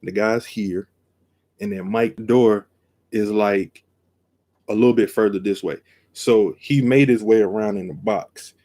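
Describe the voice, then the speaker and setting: A man telling a story on a live stream, acting out each line and jumping from quiet to loud, seated at his desk camera. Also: a little slow. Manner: acts out every quote, jumps from low to loud. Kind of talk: animated storytelling.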